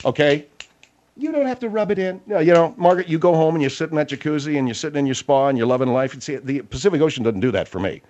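A man's voice: a little high, rapid-fire, hardly any pauses, darkish tone, highs cut off. A man hosting a comedic radio talk show, blustery and emphatic in his complaints.

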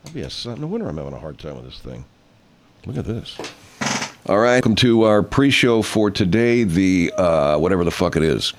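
A man's voice: deep voice, very animated, a little fast, a little hiss or hum. A male show host in a studio, rambling through a casual, profane pre-show monologue full of fillers.

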